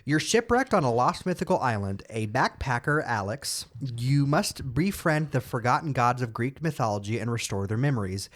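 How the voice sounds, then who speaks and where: A man co-hosting a podcast, chatting casually and reading game release blurbs quickly, tripping over words now and then. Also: mid-range voice, very animated. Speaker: podcast co-host.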